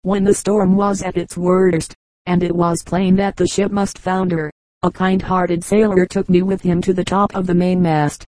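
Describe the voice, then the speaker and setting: A woman reading the part of a quiet, terse old boatman in a storybook, telling his tale slowly. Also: on the low side, little pitch movement, dry recording, lightly acted, low-quality recording. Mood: solemn.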